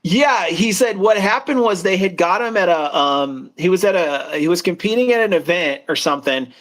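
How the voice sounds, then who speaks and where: A high-pitched man with lively intonation and a fairly bright tone speaks at a moderate pace. He co-hosts a casual chat show, telling long, rambling stories and acting out the voices of the people in them.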